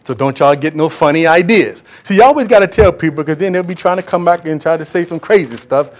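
Impassioned high-voiced male preacher. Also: fast talker. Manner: impassioned, swings from loud calls to hushed whispers; addresses congregation directly, acts out quoted voices. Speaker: pastor. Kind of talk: sermon.

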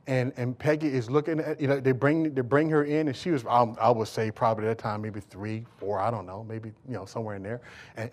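A middle-aged man preaching a sermon as pastor in a church, shifting from calm storytelling to loud, rising shouts. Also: medium pitch. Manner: animated storytelling with acted quotes.

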